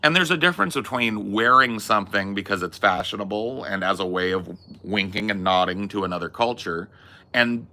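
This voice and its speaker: Emphatic gravelly man. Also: lowish voice, brisk, pushed and bright. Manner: emphatic, swears, acts out quoted voices. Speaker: podcast host. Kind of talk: opinionated casual talk.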